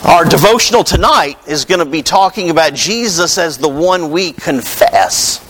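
A man's voice: fairly high pitch, expressive, moderate pace, a bit bright, a little hiss or hum, poor audio. A man preaching a sermon in a conversational, storytelling way, calling out to his congregation. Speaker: pastor.

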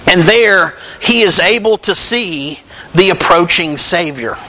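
A man preaching a sermon, animated and conversational, joking with his congregation. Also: high voice, slight background noise, rough recording. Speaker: pastor.

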